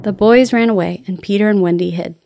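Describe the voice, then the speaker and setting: A woman narrating a children's storybook in a clear, steady storytelling voice. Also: mid-range voice, fairly quick, over music.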